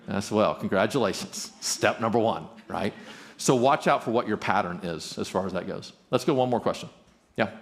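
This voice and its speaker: A man's voice: lowish voice, brisk, vocal fry. A man speaking at a marriage conference, earnest and conversational, talking to a live audience with frequent restarts.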